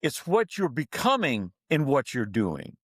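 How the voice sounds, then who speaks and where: Animated man telling stories, lively pitch. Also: unhurried, husky, dry recording, studio quality. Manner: emphatic, preacher-like cadence, acts out voices in his stories. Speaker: leadership coach and speaker for dentists. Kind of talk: storytelling in a podcast interview.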